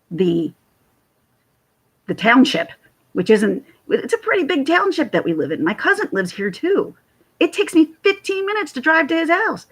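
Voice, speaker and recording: A woman's voice: medium pitch, husky, rough recording. A woman, rambling chattily to her chat while hosting a casual livestream. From central New Jersey. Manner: rambling and chatty, jumps between stories. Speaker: livestream host.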